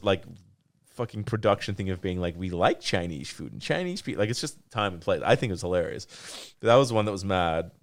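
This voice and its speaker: A man co-hosting a podcast in casual chat, animated and swearing freely, acting out scenes in put-on voices. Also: lowish voice. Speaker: podcast co-host.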